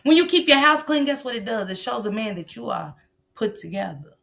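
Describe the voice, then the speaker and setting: A woman's voice: a little high, expressive, a little fast, gravelly, a bit bright. A middle-aged woman hosting a livestream, lecturing bluntly and profanely about parenting in a casual, preachy way. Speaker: livestream host.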